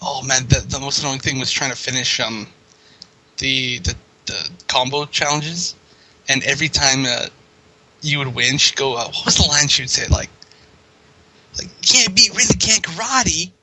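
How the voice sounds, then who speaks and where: A man's voice: mid-range voice, normal speed, slight background noise, rough recording. A man co-hosting a podcast in casual chat, telling stories with hesitant fillers. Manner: animated, hesitant storytelling with fillers. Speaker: podcast co-host.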